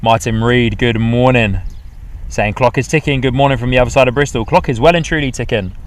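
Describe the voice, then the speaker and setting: A man's voice: mid-range voice, brisk. Chatty man hosting a plane-spotting livestream. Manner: chatty, reads out chat messages, upbeat asides. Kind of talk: casual live commentary. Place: outdoors at an airport.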